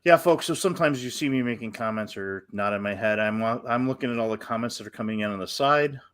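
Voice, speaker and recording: A man's voice: mid-range voice, fast talker, a bit bright, clean tone. A man with a Western New York accent co-hosting a live show, loose and joking, reading viewer comments with many ums and uhs. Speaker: co-host. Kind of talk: casual live-show chat.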